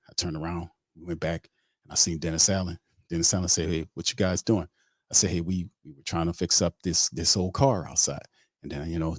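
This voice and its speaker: A man's voice: sits low, husky, dry recording, studio quality. Man doing a rambling goofy quarterback. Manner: rambling comic storytelling with mock dialogue. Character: rambling male pro quarterback, boastful and goofy. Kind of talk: comic impression monologue.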